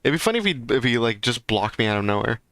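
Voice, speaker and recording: A man's voice: mid-range voice, big pitch swings, fast talker, fairly bright tone, no echo. A man chatting casually on a livestream, rambling and ranting with lots of fillers. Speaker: streamer.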